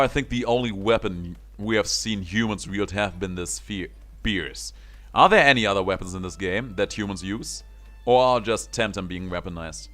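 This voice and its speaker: A man streaming a game in a low, easygoing voice, reading the dialogue aloud and dropping wry asides between lines. Faint music hums under his talk. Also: normal speed, a bit bright. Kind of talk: casual gaming commentary.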